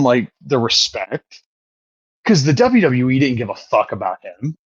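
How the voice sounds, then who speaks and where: Profane, animated male podcast host. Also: mid-range voice, a little slow, breathy edge, no echo, dull audio. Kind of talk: casual chat.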